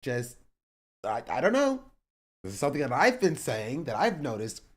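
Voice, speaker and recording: A man's voice: mid-range voice, wildly swooping pitch, moderate pace, slightly rough. A male streamer in casual chat, reacting to online drama in a rambling, exasperated way with many filler words.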